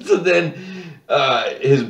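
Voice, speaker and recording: A man's voice: medium pitch, slow, fairly bright tone. A man co-hosting a casual chat, telling a story with lots of laughter and acting out the characters' lines. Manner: laughing storyteller, acts out voices. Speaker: podcast co-host. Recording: echoey room.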